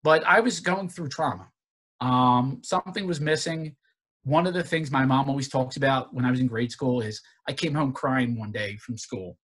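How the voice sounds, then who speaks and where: A man from Northeast Philadelphia giving an earnest personal recovery talk, halting with many restarts and fillers. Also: medium pitch, a bit bright. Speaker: guest speaker. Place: virtual forum presentation.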